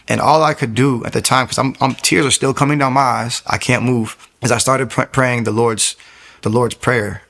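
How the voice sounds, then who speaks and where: Gravelly young man giving an earnest testimony. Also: medium pitch, fairly bright tone. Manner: earnest, halting, with frequent restarts. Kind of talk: personal testimony.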